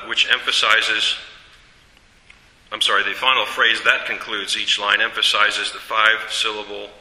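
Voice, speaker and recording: A man teaching a class about a hymn tune, explaining in a measured way with fillers and self-corrections. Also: on the low side, pushed and bright, echoey room, big-room sound, low-quality recording. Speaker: teacher presenting a hymn study.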